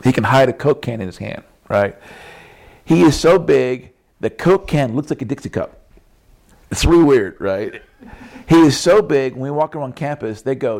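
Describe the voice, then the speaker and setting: A middle-aged man preaching a sermon, telling animated personal stories and acting out what people said. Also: mid-range voice, normal speed. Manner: animated storytelling, acts out quotes, laughs often.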